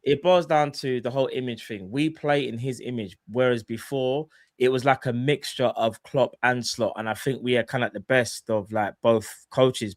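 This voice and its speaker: A young man, co-hosting a casual football fan show and arguing his points in slangy, animated talk. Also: medium pitch, dry recording, studio quality. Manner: animated, slangy, acts out quotes. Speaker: fan podcast co-host.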